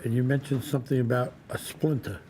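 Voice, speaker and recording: A man's voice: medium pitch, steady tone, brisk, mellow, slight background noise. A man interviewing a guest, asking questions hesitantly and restarting them.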